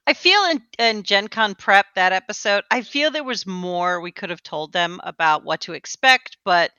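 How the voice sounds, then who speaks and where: A woman co-hosting a gaming podcast in casual chat, expressive and playfully dramatic. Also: mid-range voice, normal speed, smooth, no room sound, muffled recording. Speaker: podcast co-host.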